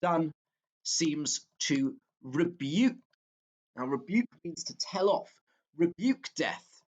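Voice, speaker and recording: A man teaching a literature exam walkthrough, talking slowly and haltingly, with fillers and self-corrections as he works through a poem. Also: fairly high pitch, big pitch swings, a little mellow, highs cut off.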